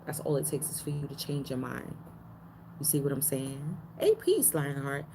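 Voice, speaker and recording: A woman giving a casual spiritual card reading, talking in slang and repeating her phrases, her pitch jumping up now and then for emphasis. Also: big pitch swings, moderate pace, creaky, noisy background.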